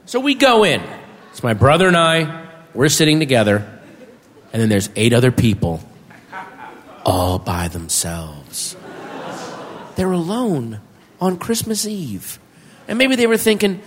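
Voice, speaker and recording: A male stand-up comedian telling a story on stage, animated and laughing, shouting his punchlines. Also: high-pitched, measured pace, long pauses. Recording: live club sound with reverb, crowd and noise.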